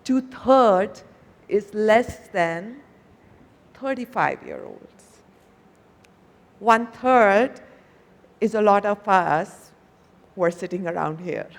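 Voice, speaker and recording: Woman, Indian English accent, conference keynote, chatty, quizzes the audience, mid pitch, long hall reverb. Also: lively intonation, slow, pauses often. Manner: conversational, asks the audience questions, tags "no?" and "right?". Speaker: conference speaker, company executive.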